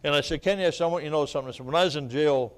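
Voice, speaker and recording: A male evangelist preaching at a revival, telling his testimony and building up to loud, fervent preaching punctuated with amen and laughter, at times choked up with tears. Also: fairly high pitch, very fast, clear, resonant tone. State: choked up, weeping. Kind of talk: revival sermon.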